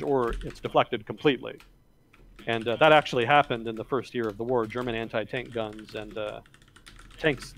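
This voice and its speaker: A man hosting a livestream, talking casually about history, rambling and correcting himself as he thinks aloud. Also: mid-range voice. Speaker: livestream host.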